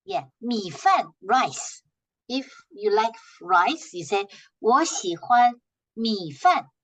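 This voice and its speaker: A woman teaching a language class, patiently repeating short phrases slowly for her students to echo. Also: mid-range voice, animated, a bit bright.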